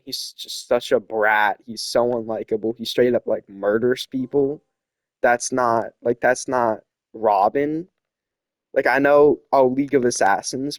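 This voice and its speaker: A man's voice: mid-range voice, darkish tone, no room sound. A young man hosting a casual opinion chat, rambling and opinionated with lots of fillers. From not from South America. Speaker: host.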